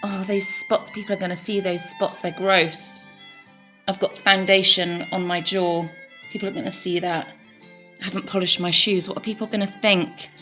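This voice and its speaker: A woman's voice: mid-range voice, flat delivery, a bit bright, faint music behind, lightly acted. A woman voicing her own harsh inner critic, firing off scornful insults and anxious worries. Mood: fretful. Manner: berating, rapid-fire insults.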